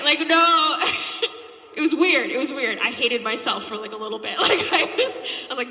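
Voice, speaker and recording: A young woman doing a stand-up set, telling stories in an animated, profane way and laughing often. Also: on the high side, moderate pace. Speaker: stand-up comedian. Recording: echoey hall with long reverb.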